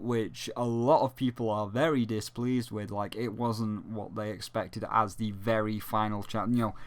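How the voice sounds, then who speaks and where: A man's voice: mid-range voice, a bit bright. A man hosting his own game review video, talking in a rambling, ranty way with lots of swearing and restarts. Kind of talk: casual ranting video review.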